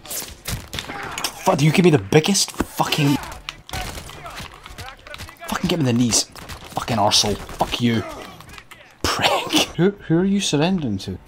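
A man's voice: on the high side, lively intonation, measured pace, pauses often, background noise. A man giving sarcastic, sweary let's-play commentary over a video game. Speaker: gaming commentator.

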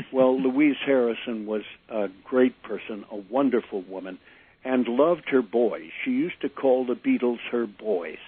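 An older man, a former disc jockey, telling animated stories in an interview, acting out the people he quotes. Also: mid-range voice, a little slow, breathy edge, no echo. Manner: animated anecdote teller, acts out quotes. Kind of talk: storytelling interview. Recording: tinny phone-line sound.

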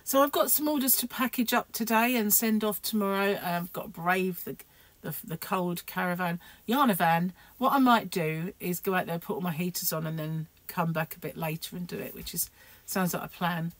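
A woman's voice: on the low side, moderate pace, no room sound. A middle-aged woman, chatting to camera in a rambling, self-deprecating way. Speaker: crochet vlogger. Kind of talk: casual chat to camera.

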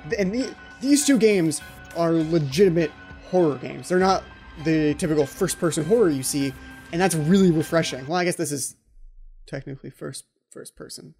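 Man, horror game let's play commentary, jumpy, anxious, repeats himself, mellow tone, faint music behind. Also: a little high, moderate pace. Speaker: gaming channel host.

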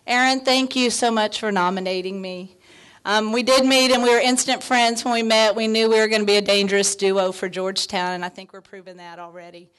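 A woman in her fifties giving a heartfelt, near-tearful award acceptance speech, full of thanks, fillers and soft laughs. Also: mid-range voice, fairly even intonation, fairly quick, smooth. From Texas. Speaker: award honoree.

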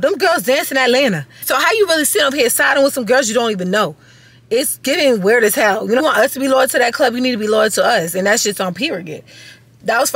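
A young adult woman vlogging casually to her viewers, emphatic and animated, coming down with a cold. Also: fairly high pitch, breathy edge, no room sound. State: getting sick. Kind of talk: casual direct-to-camera vlog.

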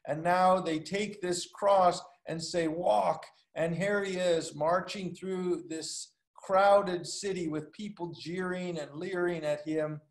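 A man preaching a sermon as a pastor, telling a story with halting pauses and fillers, lifting his voice for the dialogue. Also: sits high, steady tone, reverberant. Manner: storytelling, acts out dialogue with lifted voice; halting, many fillers and restarts. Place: recorded for a video call.

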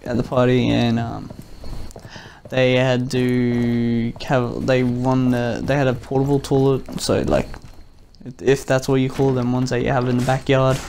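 A man's voice: mid-range voice, level tone, unhurried, gravelly, slight background noise. A young man, probably in his teens, telling a rambling, giggly personal story as a vlogger in casual speech. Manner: rambling, giggly, jumps into loud quoted voices.

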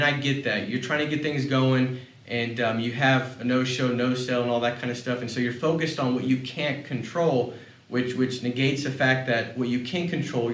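A man giving a motivational sales talk, telling personal stories in a lively way and often repeating words as he goes. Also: mid-range voice. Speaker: sales leader speaking on a panel. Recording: roomy sound, mic at a distance.

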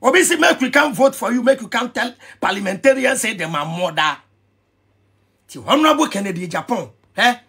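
A Ghanaian man ranting in an animated vlog commentary, excitable and mixing pidgin with Twi. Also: very high voice, brisk, breathy edge. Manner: excitable, switching between pidgin and Twi, shouting and laughing. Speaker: vlogger.

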